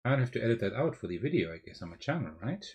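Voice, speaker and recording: A man with a German accent, streaming live and thinking aloud through a card game, often checking with a quick "right?". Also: medium pitch, sing-song, darkish tone, slightly rough. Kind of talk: live-stream gameplay commentary.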